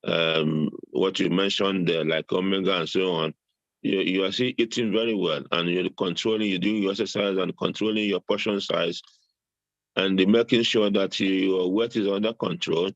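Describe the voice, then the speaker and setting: Older man, low voice, jovial, repeats himself, dry muffled call audio. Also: fairly even intonation, normal speed, no room sound. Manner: repeats words often, chuckling and jovial. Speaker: guest recommending supplements. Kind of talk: casual interview talk.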